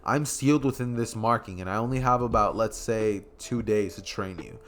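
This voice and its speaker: A man's voice: lowish voice, normal speed, fairly bright tone, soft background music, natural voice. A man voicing a friendly young male hero who mentors a boy, speaking easygoing with small hesitations.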